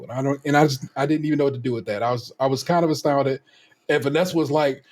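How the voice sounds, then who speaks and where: Podcast co-host, man, 30s, lively profane storyteller, slightly high voice. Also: fast talker. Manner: animated, profane, acts out quotes. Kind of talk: casual storytelling chat.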